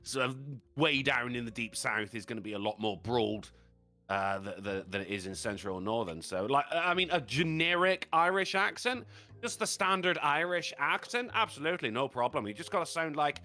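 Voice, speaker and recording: A man in casual podcast chat, excitable, joking and swearing a lot. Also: mid-range voice, normal speed, faint music behind. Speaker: podcast co-host.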